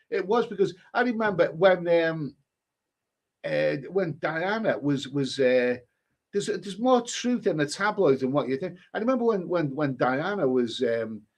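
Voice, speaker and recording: A middle-aged man hosting a livestream, chatting casually and reading out viewer comments, rambling and halting with many restarts and repeated words. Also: fairly high pitch, a little mellow.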